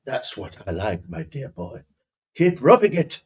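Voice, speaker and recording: A man voicing a pompous, posh old English gentleman with a slow, drawling delivery, as a comic improvised impression. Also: medium pitch, wildly swooping pitch, slightly rough, full character voice.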